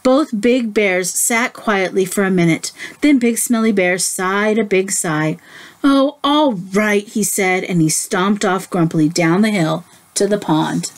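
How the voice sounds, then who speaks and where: A woman teacher reading a picture book aloud to children, gently stopping to ask them questions. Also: medium pitch. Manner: slow, gentle, asks the listeners questions. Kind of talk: children's story read-aloud.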